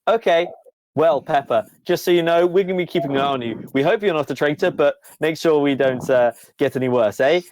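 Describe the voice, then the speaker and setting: A man's voice: on the high side, a little fast, a little mellow, close to an everyday voice. A man voicing a cheerful but menacing all-seeing computer overseer, speaking in a chirpy, falsely friendly and suspicious tone.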